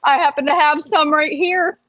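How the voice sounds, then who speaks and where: A woman's voice: high voice, fairly even intonation, moderate pace, fairly bright tone, pitched above the performer's own voice. A woman voicing a folksy male cowboy out on the range, talking about camp grub.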